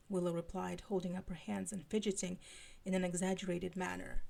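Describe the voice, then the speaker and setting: A woman's voice: on the low side, fairly even intonation, a little fast, vocal fry, a little mellow. A woman reading fan fiction aloud on a live stream, with casual apologetic asides. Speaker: live-stream fanfiction reader.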